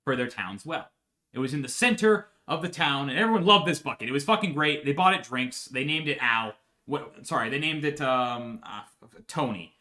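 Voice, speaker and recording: A man's voice: medium pitch, expressive, normal speed, sharp tone. A man telling a history story for laughs in a profane, rambling way, often checking in with "right?". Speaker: podcast host.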